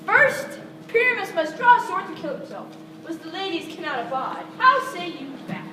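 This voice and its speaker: A woman acting on stage, playing a mischievous fairy sprite and a boastful weaver, declaiming loudly. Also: very high voice, very animated, moderate pace, background noise. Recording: distant echoey stage recording with ambience.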